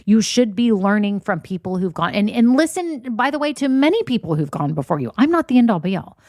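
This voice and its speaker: Very animated and brisk, this woman's medium-pitched, slightly mellow voice carries her solo business podcast. As a coach, she talks openly and supportively, voices what her listeners fear, and says "y'all" a lot. It's recorded clean in a studio, without any room sound.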